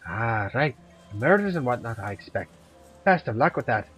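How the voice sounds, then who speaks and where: A man voicing a tough middle-aged Irish woman who hunts monsters, with a put-on Irish accent that drifts toward Scottish and a blunt, gruff, chatty way of talking. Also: mid-range voice, very animated, moderate pace, fairly bright tone, faint music behind, poor audio.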